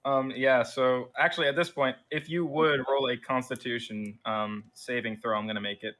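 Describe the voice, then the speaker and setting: A man's voice: mid-range voice, moderate pace. A young man running a tabletop game as dungeon master, narrating loosely with lots of ums. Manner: relaxed, filler-heavy narration.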